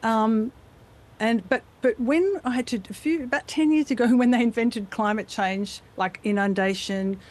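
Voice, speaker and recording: Chatty Australian woman, slightly high voice. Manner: chatty, playful, does quick mimicry. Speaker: voice actor guest. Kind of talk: live news interview.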